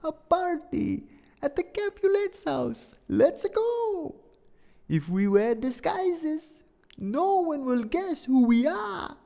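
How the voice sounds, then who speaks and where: A man voicing an excitable young male friend in a put-on Italian accent, high and sing-song, eager to please. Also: takes it slowly, gravelly, heavily acted. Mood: excited. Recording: long reverb.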